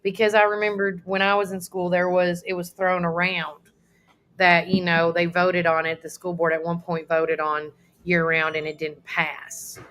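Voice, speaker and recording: A woman's voice: on the low side, flat delivery, normal speed, a bit bright. Give me a chatty woman co-hosting a local talk stream. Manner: chatty storyteller, reads listener comments aloud. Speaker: radio co-host. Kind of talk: casual live-stream chat.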